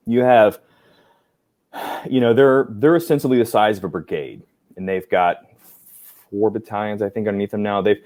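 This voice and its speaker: A man in his forties, a guest on a podcast, telling lively stories about his army career and acting out the people he quotes, with many fillers. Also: lowish voice. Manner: animated, acts out quoted dialogue, many fillers. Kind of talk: casual storytelling interview.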